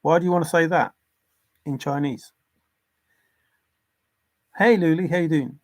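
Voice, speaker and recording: Man, livestream host, casual home stream, earnest, insistent, fairly high voice. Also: a little slow. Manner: earnest, insistent, reads viewer comments aloud. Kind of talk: casual livestream talk on religion.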